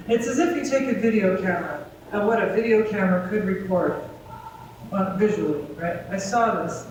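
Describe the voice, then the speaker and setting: A woman's voice: medium pitch, moderate pace, a little mellow, slight background noise. Woman presenter, casual talk to a crowd, heard from far off in a big echoing room. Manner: conversational, checks in with "right?". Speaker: guest speaker. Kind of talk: live talk to a gathering. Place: community gathering hall. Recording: echoey hall, distant and dull.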